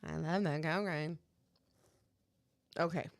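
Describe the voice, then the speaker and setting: A woman's voice: low voice, steady tone, slow, gravelly. A woman co-hosting a podcast, joking and teasing in casual banter. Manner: teasing and playful. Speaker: podcast co-host. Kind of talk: casual chat.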